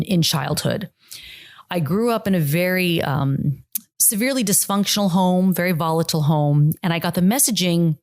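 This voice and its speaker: Woman, forties, podcast host, low-pitched voice, earnest reflective storytelling, restarts mid-sentence. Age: 40s. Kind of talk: personal storytelling monologue.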